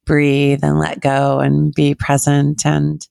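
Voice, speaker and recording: A woman co-hosting a casual podcast, hoarse and raspy from a cold, talking in a playful way. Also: deep voice, monotone, slow pace, dark tone, no room sound, studio quality. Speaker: podcast co-host. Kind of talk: casual chat.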